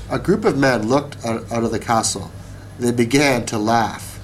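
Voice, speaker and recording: A man reading a children's story aloud, slow and deliberate. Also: mid-range voice, slight background noise. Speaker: narrator.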